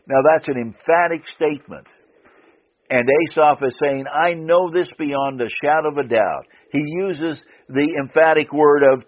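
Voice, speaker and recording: A male preacher delivers a sermon at a slow, deliberate pace, repeating key phrases for emphasis. His voice is slightly husky and sits at a middle pitch. The sound is dull and lo-fi, like an old radio broadcast. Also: expressive.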